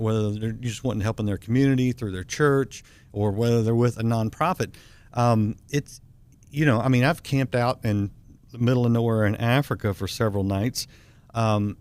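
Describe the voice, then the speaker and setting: An American man hosting a TV talk show, asking questions in a relaxed, easygoing way and thinking aloud with fillers. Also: fairly low pitch. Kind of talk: casual interview chat.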